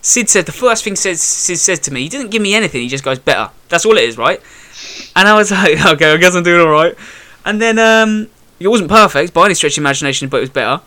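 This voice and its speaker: A man's voice: high voice, fast. A young man telling a boxing story in casual chat, acting out quotes and swearing freely. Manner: animated storyteller, acts out quotes, swears a lot. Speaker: boxer telling a fight story.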